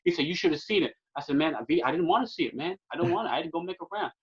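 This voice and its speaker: Fast-talking young man telling a story. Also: fairly high pitch. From California. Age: young adult. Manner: animated storyteller with fillers like "man" and "or what have you". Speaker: podcast guest. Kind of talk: casual podcast storytelling. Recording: dull lo-fi podcast audio.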